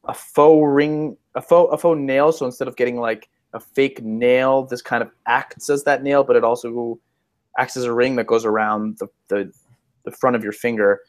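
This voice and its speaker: A man co-hosting a casual podcast, who talks in a hesitant, halting way, restarting his sentences. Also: medium pitch, fairly even intonation. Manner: hesitant, many fillers and restarts. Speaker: podcast co-host, lawyer.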